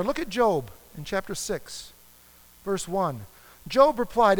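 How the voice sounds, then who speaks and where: Male pastor, sermon delivery; very high, bright voice; long hall reverb; dramatic scripture reading. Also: sing-song, slow pace. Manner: reads scripture aloud with dramatic emphasis.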